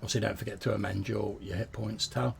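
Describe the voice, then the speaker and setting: A low-pitched man with a gravelly edge to his voice runs a tabletop game. He narrates combat in a descriptive way, with the odd stumble. A faint hiss sits under his voice. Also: fairly even intonation, fast talker. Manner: descriptive, lightly hesitant narration. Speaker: game master.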